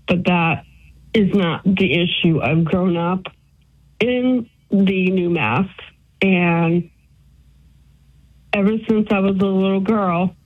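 A woman calling into a radio show, speaking earnestly and sounding weary and aggrieved. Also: lowish voice. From United States, of Italian descent. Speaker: caller. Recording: phone line.

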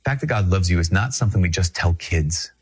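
Middle-aged male priest from Minnesota, low husky voice, earnest conversational teaching with emphatic repetition. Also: lively intonation, quick pace. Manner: earnest and emphatic, repeats phrases for weight. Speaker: Catholic priest.

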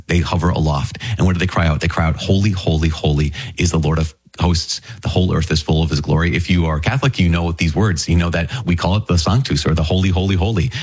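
A man with a very low, husky voice explains scripture in an easy, conversational way. He sounds earnest and eager, talking straight to his listeners as a Bible teacher. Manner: earnest, enthusiastic, addresses listeners directly.

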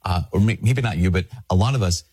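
A man's voice: sits low, quick pace, a little mellow, slightly rough. A man, a Catholic priest, giving a casual, self-deprecating reflection to camera with frequent restarts.

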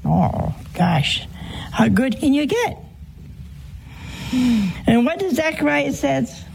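A woman's voice: high-pitched, sing-song, takes it slowly, gravelly, darkish tone, a little hiss or hum. A woman preaching a humorous sermon, teasing her listeners with rhetorical questions and frequent chuckles.

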